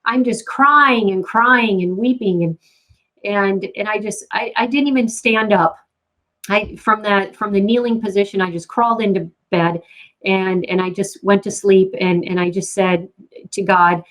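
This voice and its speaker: A middle-aged woman giving a personal faith testimony, halting with frequent repeated words and restarts. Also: mid-range voice, steady tone, fairly bright tone, rough recording.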